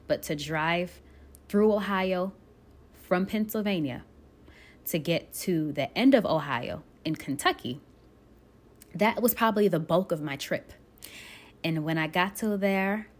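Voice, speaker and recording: A woman from Buffalo, New York, earnestly telling her own story of moving away to become an actress, speaking emotionally with pauses and restarts. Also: lowish voice. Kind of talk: personal storytelling.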